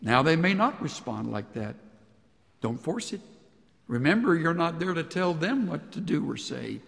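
Gravelly-voiced man preaching in a hall. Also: fairly high pitch, big pitch swings, normal speed. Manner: earnest, swinging between soft hushed lines and raised emphatic ones. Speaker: pastor. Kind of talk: sermon.

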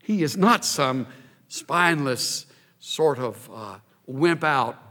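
Animated male preacher in a reverberant hall. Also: mid-range voice, slow pace. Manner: animated, emphatic preaching with rising intensity. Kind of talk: sermon.

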